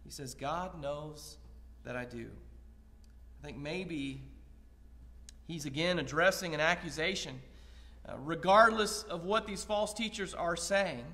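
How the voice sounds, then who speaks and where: A man preaching an evening lesson in a church sanctuary, his high voice carried by a long, ringing reverb. He speaks earnestly and builds his points through rhetorical questions and paraphrased scripture. His tone stays bright and forward throughout. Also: a little slow, long pauses. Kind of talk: evening Bible lesson sermon.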